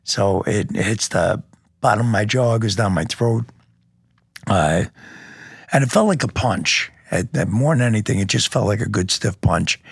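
A man's voice: lowish voice, lively intonation, moderate pace, gravelly, husky, no echo, clean studio sound. A police lieutenant telling his story step by step in a podcast interview, vivid and blunt, with sound effects and the odd curse.

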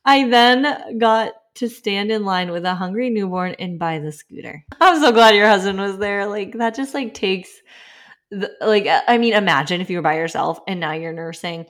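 A woman's voice: mid-range voice, normal speed, a bit bright. A woman in her thirties hosting a casual podcast, reading listener stories aloud with chatty asides and frequent laughter. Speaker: podcast host.

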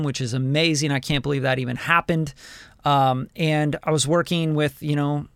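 A man in his forties hosting a podcast, giving a blunt, profane, animated motivational talk about a music career. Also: on the high side, creaky, smooth, dry recording. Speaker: podcast host, music producer.

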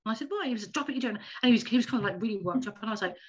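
Woman, 50s, quick animated storyteller, dull lo-fi recording. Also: fairly high pitch, husky. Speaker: podcast guest. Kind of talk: casual storytelling chat. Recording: dull lo-fi audio.

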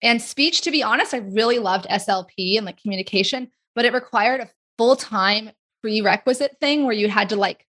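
A woman in her forties, a guest in an interview, talking casually and chattily with quick asides. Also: fairly high pitch, fairly bright tone. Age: 40s.

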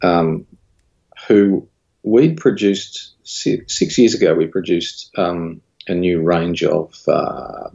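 A man's voice: slow, creaky, breathy edge, highs cut off. A man, a studio owner telling a candid story in a casual interview. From Australia. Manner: candid, recounts dialogue with rising animated pitch. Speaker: guest, studio owner and creative director.

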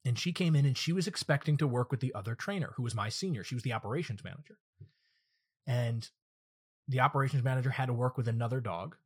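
Husky-voiced man hosting a podcast. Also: medium pitch, fast. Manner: direct, earnest, instructive. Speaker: dog trainer and podcast host. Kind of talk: solo podcast monologue with storytelling.

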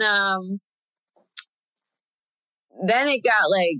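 A woman's voice: on the low side, a little slow, sharp tone, no room sound, poor audio. A young woman chatting casually as a guest, telling a personal story with lots of fillers and laughs. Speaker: guest sharing a birth story.

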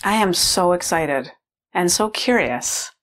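A woman's voice: fairly low pitch, expressive, slow pace, a bit bright. A middle-aged mother telling a personal story in a casual, rambling way, full of "like" fillers. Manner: rambling, heavy use of "like" fillers.

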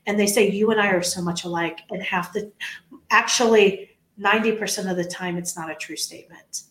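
In an echoey room, a woman speaks at a fairly quick pace in a medium-pitched voice during a podcast conversation. She's a leadership coach who used to work in HR, and she comes across earnest, repeating points for emphasis and animatedly quoting others.

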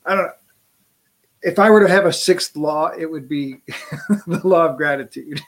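A man with a fairly high voice hosts an interview. He asks his questions in a relaxed, affirming way, and laughter comes easily to him. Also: unhurried. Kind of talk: conversational interview.

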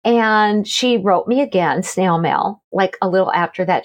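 A middle-aged woman, a guest author and energy healer, telling stories in a casual, animated conversation with frequent laughter. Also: mid-range voice, unhurried, few pauses. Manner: animated, laughing, acts out quoted voices.

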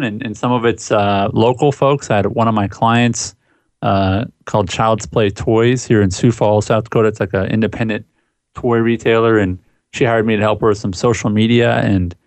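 A man co-hosting a podcast, chatting in a relaxed, easygoing way about his work. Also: lowish voice, normal speed, dry recording. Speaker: co-host, social media consultant. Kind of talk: casual chat.

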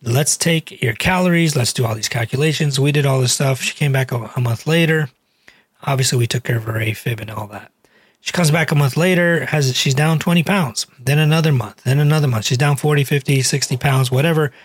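A man's voice: mid-range voice, fairly quick, slightly rough, no echo, clean studio sound. A man who is a cardiologist and weight loss doctor, telling a patient story in a chatty, earnest podcast manner. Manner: earnest, chatty, many fillers.

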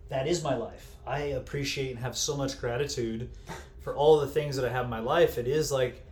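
A man guest, a health coach, telling stories in a casual interview, animated and candid, swearing freely. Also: medium pitch, moderate pace, a little hiss or hum. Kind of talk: casual storytelling in a podcast interview. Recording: echoey room with faint ambience.

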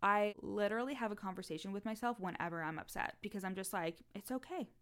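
A woman's voice: mid-range voice, clean tone. A woman business coach hosting a solo podcast, talking frankly with plenty of swearing and acting out the voices in her head. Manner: frank and profane, fast bursts, acts out inner voices.

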